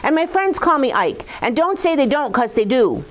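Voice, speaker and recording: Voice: sits high, big pitch swings, normal speed, pitched above the performer's own voice. A woman doing a cheerful spluttering otter. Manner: quirky contradicting speech.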